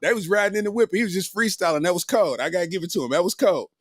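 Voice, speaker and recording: Lively slangy man hosting a comedy podcast. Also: high voice, racing, no echo, studio quality. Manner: animated, slangy, laughs often. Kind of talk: casual comedic monologue.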